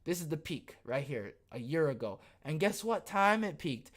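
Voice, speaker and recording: A podcast host riffing sarcastically on the news during a live show, animated and quick to laugh. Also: mid-range voice. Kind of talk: live news commentary chat.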